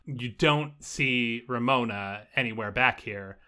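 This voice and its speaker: Casting note: a game master with a bright tone who rambles in a loose, easy way. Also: male voice, medium pitch, takes it slowly, clear, resonant tone. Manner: loose, rambling, with many fillers. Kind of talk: narrating a tabletop game.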